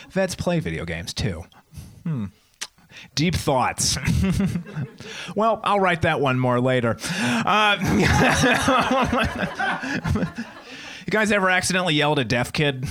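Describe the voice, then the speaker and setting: A man's voice: a little high, bright, forceful tone. A man in his twenties doing a stand-up set, with a wry, meandering, self-deprecating delivery. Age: 20s. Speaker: stand-up comedian.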